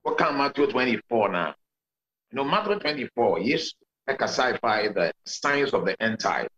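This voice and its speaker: A man's voice: mid-range voice, sing-song, moderate pace, fairly bright tone, lo-fi sound, a little hiss or hum. A Ghanaian pastor answering interview questions over a video call, laying out his points one by one in a preaching manner. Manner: preaching explanation, counts points, mixes Twi and English.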